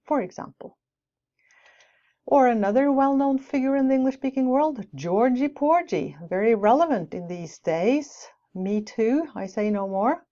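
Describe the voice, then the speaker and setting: A woman lectures in a mellow, soft-edged voice, explaining her points with light asides. The recording is dull and lo-fi. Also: medium pitch, unhurried. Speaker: teacher educator. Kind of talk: lecture on teaching English with rhymes.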